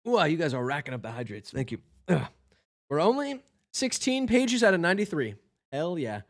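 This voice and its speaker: A hoarse man talking casually to a live-stream audience in rambling, self-deprecating asides. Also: on the high side, big pitch swings, moderate pace.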